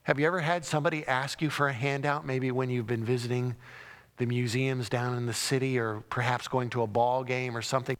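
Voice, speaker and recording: A man's voice: mid-range voice, little pitch movement, fairly quick. A man preaching a sermon, telling the story dramatically and acting out the cries and crowd lines. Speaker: pastor. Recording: long hall reverb.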